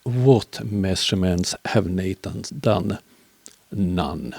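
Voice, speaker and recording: A man's voice: deep voice, slow pace, vocal fry, darkish tone, dry recording. A man giving dry, dismissive voice-over commentary on a clip.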